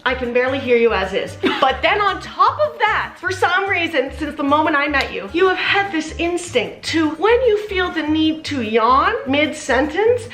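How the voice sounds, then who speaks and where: Loud, blunt young woman. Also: high-pitched, very animated, moderate pace, hardly any pauses, reverberant, faint music behind. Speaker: co-host of a couple's channel. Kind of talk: casual chat.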